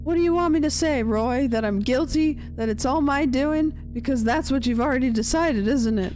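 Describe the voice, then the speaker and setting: Woman doing a high-voiced, defiant male killer. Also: moderate pace, a little mellow, faint music behind, natural voice. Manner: high strained voice, defiant and lofty. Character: male suspect in a massacre, cold, self-justifying.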